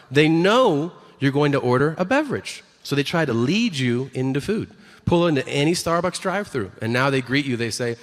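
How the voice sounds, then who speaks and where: A male comedian tells his bit in an easy, conversational way, his voice sitting at an ordinary middle pitch. A long hall reverb trails behind each line. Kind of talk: stand-up set.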